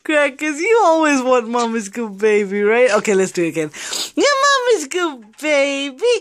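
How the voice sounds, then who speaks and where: At home, a woman films her pet parrots, cooing baby talk at them and repeating sing-song phrases with frequent laughter. Her voice is high-pitched, sing-song, and unhurried.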